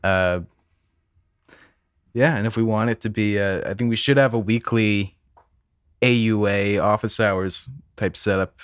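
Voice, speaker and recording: A man's voice: on the low side, fairly even intonation, measured pace, pauses often, clear, resonant tone, no room sound, clean studio sound. A man co-hosting a podcast, talking casually and teasing his co-host with easy laughs.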